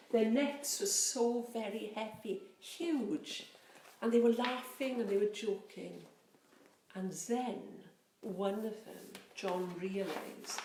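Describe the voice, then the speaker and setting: A woman rector telling a Bible story for children in a gentle, expressive, drawn-out way. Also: fairly high pitch. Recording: roomy, faint background noise.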